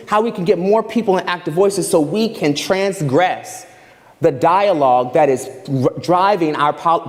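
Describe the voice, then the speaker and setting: A man preaching a sermon as guest minister, emphatic and folksy, repeating his phrases for weight. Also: sits high. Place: large church hall. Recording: long hall reverb with instrument behind.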